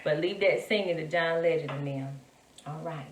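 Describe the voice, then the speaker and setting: A woman co-hosting a relationship podcast with her husband, animated and encouraging, with many restarts. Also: deep voice, moderate pace. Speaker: podcast co-host. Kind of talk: casual chat between spouses. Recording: roomy echo, distant mic.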